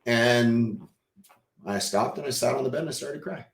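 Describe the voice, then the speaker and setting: In a reverberant recording, a male podcast guest speaks at normal speed in a mid-range voice. He recounts a personal story with feeling, voicing the quoted dialogue vividly and shifting between hushed and loud.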